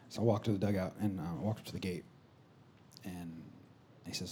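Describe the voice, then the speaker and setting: A man in his thirties, a pastor preaching a sermon in a church, moving between loud exclamations and soft whispered asides. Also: low voice, fairly quick, a little hiss or hum. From California. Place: church sanctuary.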